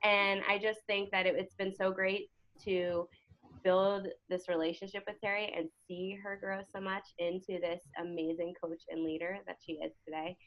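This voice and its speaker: A woman's voice: medium pitch, level tone, normal speed. A woman hosting a team call, effusive and emotional, praising a guest with many fillers. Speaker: host and team coach. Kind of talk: casual talk on a team video call. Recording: dull lo-fi call audio.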